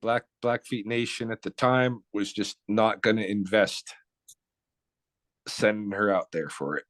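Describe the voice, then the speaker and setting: A man's voice: fairly low pitch, steady tone, measured pace, a bit bright, dry recording. Blunt, profane man telling a story. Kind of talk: casual spoken storytelling.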